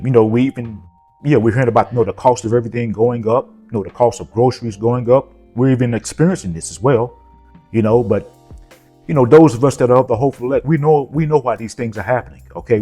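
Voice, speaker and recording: A man in a mid-range voice preaches informally, reading scripture and circling back to the same points. He keeps checking in with his listeners with "okay?" and "you know", and soft music plays underneath him. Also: mid-range voice. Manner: repetitive, punctuated with frequent "okay?" and "you know".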